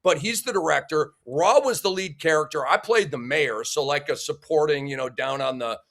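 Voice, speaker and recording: High-pitched male host with a head cold, eager and joking, loose casual delivery. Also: normal speed, a bit bright. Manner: enthusiastic, jokey, with frequent fillers and restarts. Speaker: sports debate show host. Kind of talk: casual talk-show hosting.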